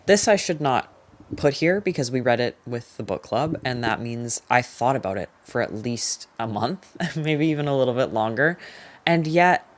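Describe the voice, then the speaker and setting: Young booktuber rambling about books, chatty, says like a lot, strong opinions. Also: medium pitch. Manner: chatty, frequent "like" fillers, quick emphatic opinions. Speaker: book reviewer. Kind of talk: casual book review vlog.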